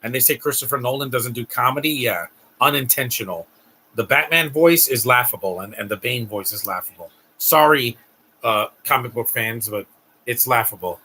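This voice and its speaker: A man's voice: medium pitch, moderate pace, sharp tone, a little hiss or hum. A man hosting a live stream, making casual, sarcastic asides while watching a film.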